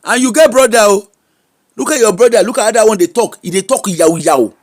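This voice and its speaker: A woman's voice: mid-range voice, quick pace, darkish tone. A Nigerian woman hosting a gossip show, giving casual commentary in an exclamatory way and switching freely between English, Pidgin and Yoruba.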